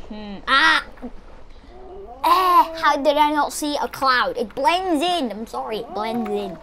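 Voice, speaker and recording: A woman giving excitable, chatty let's-play commentary, exclaiming as she plays. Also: sits high, takes it slowly, a little hiss or hum. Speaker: gamer.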